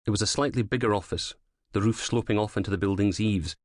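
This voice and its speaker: Male thriller narrator, low voice, measured and dramatic, dry close studio sound. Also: no echo. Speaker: audiobook narrator. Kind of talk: scripted narration of a crime thriller.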